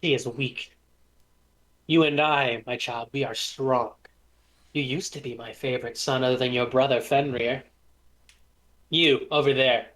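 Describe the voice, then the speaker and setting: A man's voice: mid-range voice, steady tone, a little slow, pauses often, fairly bright tone, slight background noise, close to an everyday voice, poor audio. A man voicing a smug, taunting trickster god who is a commanding father, in a tabletop game.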